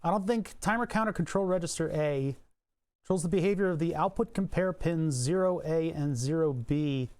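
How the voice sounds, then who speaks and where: A man's voice: fairly high pitch, normal speed, a little mellow. Man muttering through a coding livestream. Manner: muttering to himself, swearing, chuckling. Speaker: streamer. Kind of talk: livestream electronics and coding commentary.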